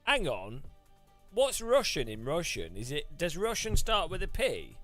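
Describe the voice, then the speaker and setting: A British man with a high, bright voice, chatting to his viewers as a gaming host. He talks slowly and jokes around, his pitch swinging up and down, with faint music playing underneath. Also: huge pitch swings. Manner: jokey and laughing, mocks foreign languages. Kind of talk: casual chat to a live chat.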